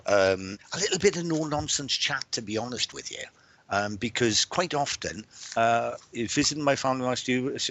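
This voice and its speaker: A man's voice: medium pitch, a bit bright. Chatty Welsh-born man hosting a livestream. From Wales. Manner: chatty, repeats words and restarts often. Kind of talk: casual livestream chat greeting viewers.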